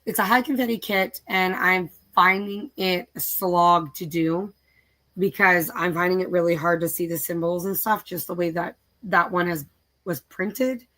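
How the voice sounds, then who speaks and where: A woman's voice: lowish voice, steady tone, moderate pace, fairly bright tone. A middle-aged woman hosting a casual craft live stream, chatting and listing her projects aloud in a tired, easygoing way. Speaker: craft channel host.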